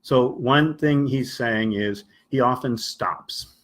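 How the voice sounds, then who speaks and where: A man's voice: mid-range voice, slow, fairly bright tone. A man teaching English on a live stream, explaining patiently and acting out short example dialogues for his listeners.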